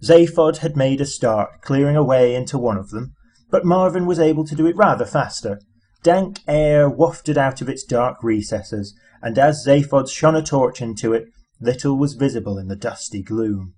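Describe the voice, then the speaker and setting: A husky-voiced man narrating an audiobook. He reads in a measured, dry storytelling manner at a mid pitch. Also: expressive, a little mellow. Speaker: audiobook reader.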